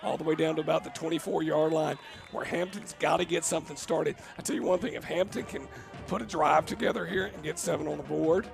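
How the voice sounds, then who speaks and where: A man's voice: a little high, quick pace, vocal fry, hardly any pauses, music in the background. A man doing live play-by-play commentary, jokey and rambling, laughing often. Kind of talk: live game commentary with banter.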